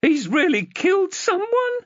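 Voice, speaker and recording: A man voicing a distraught adult woman, an anxious sister, in a high, fluttering, tearful voice, in an audiobook. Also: very animated, unhurried, dry recording, full character voice. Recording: dull, dry lo-fi recording.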